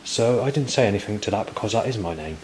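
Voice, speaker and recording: Low-voiced man in his forties, rambling. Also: expressive, quick pace, darkish tone, slight background noise, low-quality recording. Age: 40s. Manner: rambling, repetitive, with frequent restarts. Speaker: vlogger. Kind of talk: rambling monologue to camera.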